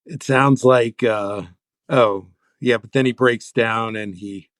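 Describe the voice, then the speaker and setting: A man's voice: medium pitch, slow, fairly bright tone, no room sound, clean studio sound. A man, a comedy writer, reading an old sketch script aloud and laughing as he goes. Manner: amused, laughing as he reads. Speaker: comedy writer, podcast guest.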